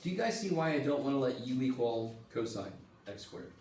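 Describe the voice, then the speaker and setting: A man lectures on math in a brisk, mid-range voice, picked up from a distance in a reverberant classroom with slight room hum. He's jokey and animated, swearing without restraint.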